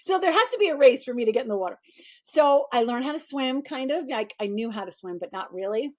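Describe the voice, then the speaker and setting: A middle-aged woman, a performance coach, is the guest in a casual interview, speaking fast in a fairly high voice. She tells stories animatedly, quoting other people in a higher, bouncing voice.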